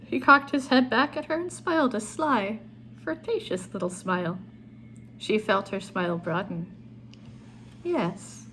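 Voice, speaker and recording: A woman author reading her own short story aloud in a calm storytelling manner. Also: mid-range voice, moderate pace, a little hiss or hum.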